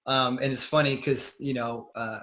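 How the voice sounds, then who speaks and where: A man's voice: medium pitch, fairly even intonation, normal speed, sharp tone, rough recording. A man, a dating coach, interviewing a client in casual, encouraging talk full of fillers.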